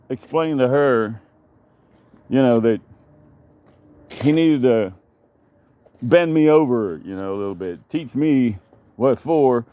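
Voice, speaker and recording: A man's voice: mid-range voice, lively intonation, slow, long pauses, mellow. A man telling a long, meandering story in a casual vlog, cursing freely and drifting from one thought to the next. He speaks outdoors in his backyard. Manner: rambling, profane, digressive storytelling.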